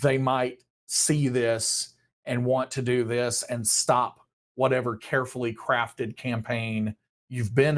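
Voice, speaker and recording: Male host, casual live-stream update, relaxed and chatty, mid pitch. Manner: casual, friendly, a few uh fillers.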